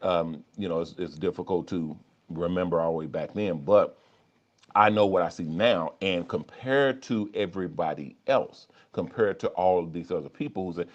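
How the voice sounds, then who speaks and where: A man's voice: deep voice, normal speed. A man talking candidly on a livestream as a life coach, often repeating and restarting his words. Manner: repetitive restarts, candid, conversational. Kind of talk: livestream talk reading chat. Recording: dull lo-fi.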